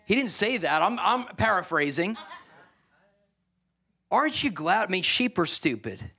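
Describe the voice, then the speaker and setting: A man with a high, bright-pitched voice preaches a sermon into a church microphone. He is passionate and fervent, pressing his congregation with rapid rhetorical questions and loosening things up with offhand humor. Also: big pitch swings, slightly rough. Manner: casual asides and humor. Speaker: pastor.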